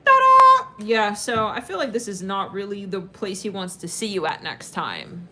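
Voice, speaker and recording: Doing a casual tarot reading for viewers, this woman speaks in an expressive, slightly bright mid-range voice at a moderate pace. She rambles in a chatty way, using lots of fillers and bursting into laughs. There's slight background noise.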